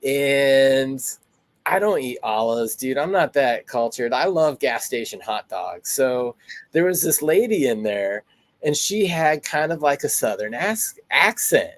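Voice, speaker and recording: A man's voice: mid-range voice, sing-song, a little slow, no room sound. A laid-back man hosts a casual chat, drifting into loose, rambling anecdotes. His voice sits mid-range, and the recording is close and dry with no room sound. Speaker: host.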